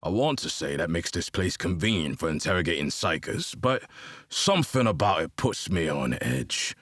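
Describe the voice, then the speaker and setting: A deep husky grim inquisitor. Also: male voice, big pitch swings, moderate pace, a bit bright, no echo, clean studio sound, full character voice. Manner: stern, clipped, dismissive. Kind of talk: video game voice acting.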